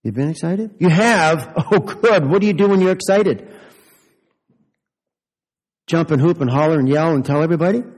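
A man's voice: on the high side, normal speed, long pauses, darkish tone, husky, long reverb tail. A man giving a children's sermon as a pastor, asking playful, teasing questions of the children.

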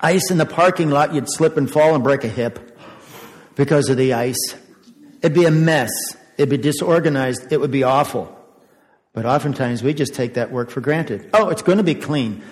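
A man's voice: medium pitch, normal speed. An older man giving a children's sermon as pastor, chatty, asking the kids questions and chuckling often. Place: church sanctuary. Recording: echoey church sanctuary.

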